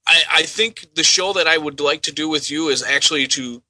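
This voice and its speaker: A playful male prank call host with a very bright, slightly high voice. He keeps an upbeat tone as he goads the caller. The sound is close and dry. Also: fairly quick, dry recording, rough recording.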